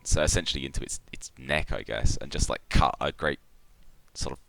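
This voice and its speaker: Game master with a very deep voice, describes the action haltingly. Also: male voice, vocal fry, fairly bright tone, no echo. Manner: hesitant, many fillers and restarts. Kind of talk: narrating a tabletop game live.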